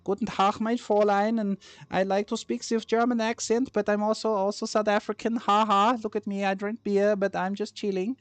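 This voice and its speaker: A man voicing a relaxed German man living in South Africa, in a soft, lightly twanged German accent. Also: sits high, normal speed, smooth, no room sound, pitched above the performer's own voice, close to an everyday voice. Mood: jolly.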